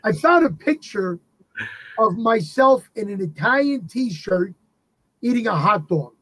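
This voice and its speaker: A man with a husky New voice tells a story on a podcast. His voice sits high, and the sound is close and dry. He talks casually and acts out everyone in his story. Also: unhurried, no echo, low-quality recording. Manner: animated, acts out the people he quotes. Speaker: actor guest on a podcast.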